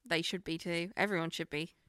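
A woman's voice: on the low side, fairly even intonation, a bit bright, clear, resonant tone, no room sound, clean studio sound. A woman, playful and teasing, chatting casually and joking. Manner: playful, teasing, quick to laugh. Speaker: podcast co-host. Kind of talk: casual comedic chat.

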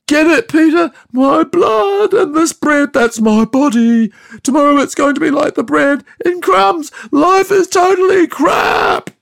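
A man voicing a weeping, self-pitying drunk Jesus, a young man who sobs and wails in a high, strained voice. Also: unhurried, creaky, fairly bright tone, exaggerated voice. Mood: sobbing despair. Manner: sobbing, high and strained, wailing.

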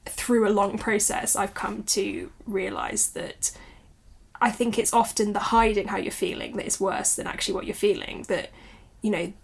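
A woman in her thirties speaks candidly about her experiences, reflective and quick to laugh. Her voice has a gravelly edge and a slightly husky texture. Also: medium pitch, fairly even intonation. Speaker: guest, author and new mother. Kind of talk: conversational interview.

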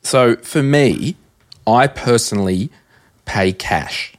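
An Australian man hosting a podcast, telling stories in a casual, animated way and acting out conversations. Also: mid-range voice, slow. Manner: animated storyteller, acts out quoted exchanges. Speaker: podcast host. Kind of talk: casual chat.

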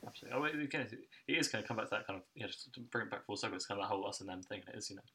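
A man's voice: fairly low pitch, bright, forceful tone, slightly rough. A man hosting a podcast in casual chat, talking in hesitant bursts full of fillers. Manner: very rapid, hesitant, filler-heavy. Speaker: podcast host.

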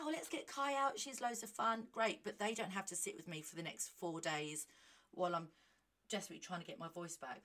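Brief: woman, solo podcast host, animated and self-mocking, slightly low voice. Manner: chatty, animated and self-mocking, reading aloud with asides. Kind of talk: casual solo monologue.

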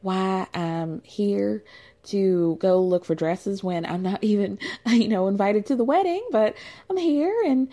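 A woman voicing a weepy, passive-aggressive middle-aged mother who talks in a high, simpering, teary way. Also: unhurried, mellow, lightly acted. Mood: wheedling.

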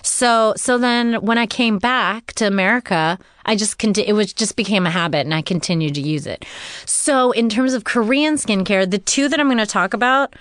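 A woman's voice: medium pitch, moderate pace, no echo, studio quality. A woman guest chatting casually, telling stories with lots of fillers and frequent laughs. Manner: laughs often, lively storytelling with fillers. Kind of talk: casual chat.

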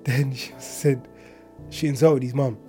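A man's voice: medium pitch, fairly even intonation, unhurried, mellow, soft background music. A man casually telling a personal story, chatty and full of filler words and asides.

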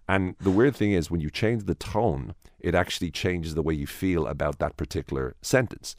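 Guy with a super deep voice, talks it through, lots of restarts, dry close sound. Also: brisk, hardly any pauses, a little mellow, no echo. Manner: explanatory, repetitive restarts, acts out inner voices. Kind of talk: conversational interview.

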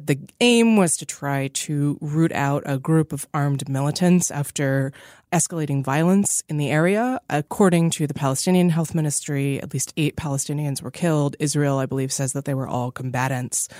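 A woman co-hosting a podcast in a studio, explaining news in a measured way with some ums. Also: sits low, darkish tone, dry recording. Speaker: podcast co-host. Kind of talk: podcast discussion.

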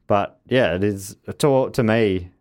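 A man's voice: on the low side, takes it slowly, darkish tone. A man co-hosting a podcast in casual chat, reading out listener messages and laughing often between remarks. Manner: chatty, laughs often, frequent fillers and restarts.

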